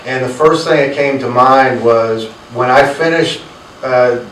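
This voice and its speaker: A man's voice: mid-range voice, a little slow, a bit bright. Nc guy in his 50s telling stories to a crowd, mic kinda far, roomy echo, faint room hum. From North Carolina. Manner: earnest, anecdotal, acts out quoted dialogue. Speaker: author. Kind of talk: storytelling talk to an audience. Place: room with a live audience.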